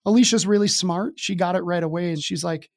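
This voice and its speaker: Candid man telling a story, high-pitched. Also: fairly quick, vocal fry. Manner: casual, candid, with wry self-deprecating humor. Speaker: podcast guest.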